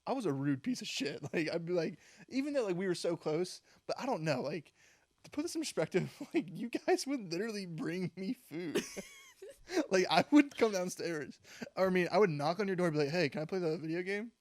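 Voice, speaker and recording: A man's voice: high-pitched, big pitch swings, a little fast, no room sound. A young man co-hosting a podcast, chatting casually and rambling through stories with lots of "like" and laughter. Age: young adult. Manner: rambling storytelling with frequent "like" and laughs. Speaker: podcast co-host. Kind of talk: casual chat.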